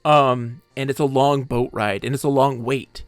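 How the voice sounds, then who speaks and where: A man streaming a game from home, casually retelling a story in an animated, rambling way full of asides. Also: mid-range voice, a little slow, smooth, no room sound. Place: home room.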